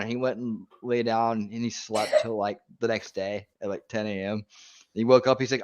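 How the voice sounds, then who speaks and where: A man chatting casually on a stream, telling an anecdote in an animated way with lots of fillers. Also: fairly low pitch, a little fast, dull audio. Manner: animated storyteller, many fillers. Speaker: stream guest. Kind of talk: casual chat.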